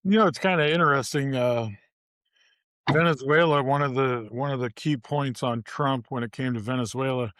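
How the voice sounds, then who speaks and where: A man on a podcast walks through a news item, stating figures steadily in a casual tone. His voice sits in a middle pitch and sounds dry and close. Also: normal speed, a bit bright, no room sound. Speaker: podcast co-host. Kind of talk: casual political chat. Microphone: separate remote mic.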